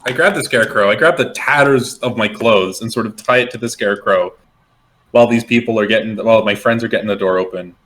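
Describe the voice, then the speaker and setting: A man's voice: lowish voice, fast, a bit bright. A man playing a tabletop game, rambling and playful as he describes his moves. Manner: rambling, playful, restarts mid-thought. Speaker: player. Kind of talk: casual tabletop play.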